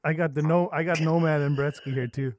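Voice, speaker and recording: A man's voice: fairly high pitch, fairly even intonation, fairly quick, darkish tone. A man hosting a podcast, laughing a lot and asking short prompting questions in casual chat. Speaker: podcast host.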